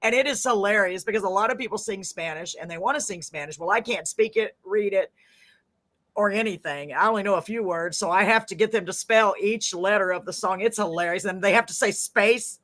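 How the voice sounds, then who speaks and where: An older woman hosting a casual live podcast chat, talkative and quick to laugh. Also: mid-range voice. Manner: chatty, laughing, animated. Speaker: podcast host.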